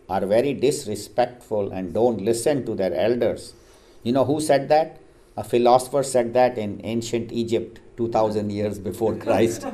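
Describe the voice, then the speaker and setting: A man leading a group discussion, telling stories and quotes in a calm, measured, teacherly way. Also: medium pitch. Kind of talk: reflective group talk.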